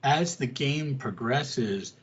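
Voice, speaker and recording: A husky man talks casually as a podcast co-host, walking through a story with lively little character voices along the way. His tone sits at a middling pitch. The audio is dull and lo-fi. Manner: animated storyteller, quick asides in character voices. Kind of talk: casual chat.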